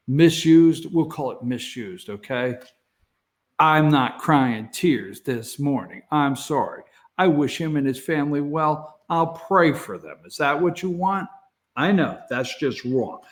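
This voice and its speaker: A sarcastic man with a slightly higher-pitched voice hosts a morning opinion show. He talks straight into the studio camera and laughs at his own remarks. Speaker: talk show host. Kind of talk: opinion talk show monologue.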